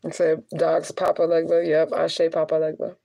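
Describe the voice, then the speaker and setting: Young adult woman, a medium on a casual live stream; blunt, profane, quick to laugh. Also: low-pitched, monotone, creaky, warm tone. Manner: candid, profane, laughing often. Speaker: spiritual reader and medium. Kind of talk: casual livestream venting.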